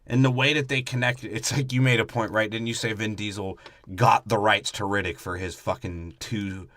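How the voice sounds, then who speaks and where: Crude low-voiced young man podcasting. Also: fairly even intonation, moderate pace, a bit bright. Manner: crude, rambling, mocking impressions. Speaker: podcast co-host. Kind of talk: crude comedic movie review chat.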